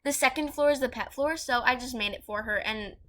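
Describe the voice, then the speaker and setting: A young woman with a high, bright voice chats through a gaming session. She rambles loosely, fills gaps with ums and likes, and keeps things casual and giggly. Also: fairly quick. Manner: giggly and rambling, lots of fillers. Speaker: gaming video co-host. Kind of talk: casual chat while playing.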